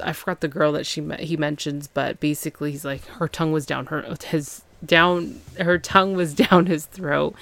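A woman's voice: low voice, no room sound. A woman hosting a podcast, recapping a TV episode in casual chat, acting out the characters' lines with fillers and laughs. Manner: chatty, acts out quotes with fillers and laughs. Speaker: podcast host.

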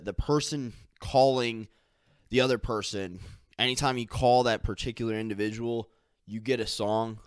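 A man's voice: mid-range voice, clean tone, no room sound, clean studio sound. A young man hosting a solo podcast, rambling casually with lots of fillers and the odd curse. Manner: casual, filler-heavy, swearing, mimics others. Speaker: podcast host.

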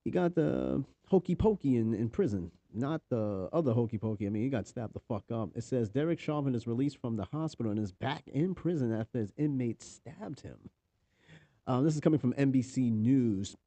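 A married New York man hosts a podcast of casual news commentary, reading articles aloud and cutting in with offhand, profane remarks. His medium-pitched voice is animated, gravelly, and dark in tone, delivered at normal speed with no echo.

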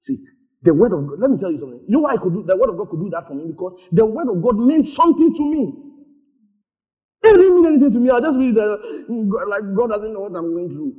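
A man's voice: high-pitched, expressive, fast talker, hardly any pauses, dark tone, lo-fi sound. A man preaching a sermon, calling for responses and laughing often. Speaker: pastor.

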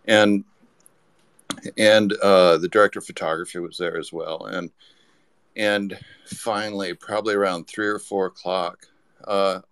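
A man's voice: low-pitched, fairly even intonation, measured pace, a bit bright, smooth, no room sound. A man telling a rambling anecdote as a podcast guest, with lots of restarts. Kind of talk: casual storytelling.

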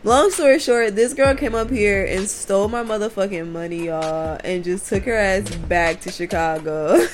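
Woman vlogger, raw confessional delivery, voice worn from crying, mid-pitched, soft music under. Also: expressive, measured pace. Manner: raw, confiding, laughs through frustration. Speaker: spiritual vlogger. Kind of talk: candid casual monologue to viewers.

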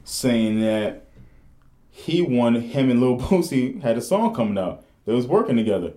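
A man's voice: mid-range voice, very animated, unhurried, mellow, echoey room. A young man co-hosting a podcast, telling loose, profane stories full of fillers. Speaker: podcast co-host. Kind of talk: casual chat.

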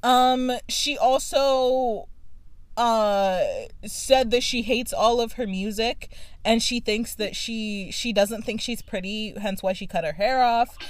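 A woman's voice: on the high side, takes it slowly, clear, resonant tone, no echo. A young woman co-hosting a podcast, chatting and gossiping casually with many fillers and restarts. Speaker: podcast co-host. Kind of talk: casual chat.

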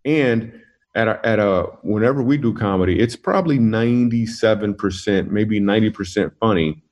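A man with a fairly low voice recounts his own stories in a relaxed interview. He is animated and jokey, and he laughs along with his own punchlines as he goes. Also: normal speed, dull audio. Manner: animated storyteller, laughs through his jokes. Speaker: comedian guest. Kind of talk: casual interview storytelling.

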